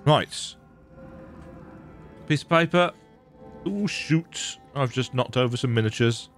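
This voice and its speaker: A man's voice: mid-range voice, measured pace. A man casually commenting while playing a game, muttering asides and joking to himself. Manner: playful, muttering asides and mock voices. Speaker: gaming channel host. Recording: faint game music behind.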